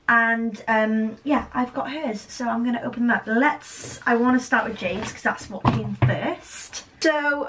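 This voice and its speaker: A woman's voice: on the high side, a little hiss or hum. Gushing young woman unboxing. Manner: gushing and excitable, many fillers. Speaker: stationery vlogger. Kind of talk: unboxing vlog.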